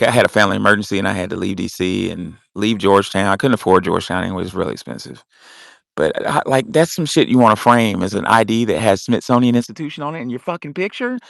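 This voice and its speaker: A man's voice: mid-range voice, gravelly, fairly bright tone, no echo, clean studio sound. A young man hosting a loose, casual audio chat, swearing freely and cutting in on others. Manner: loose and profane, cuts in often. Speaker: host.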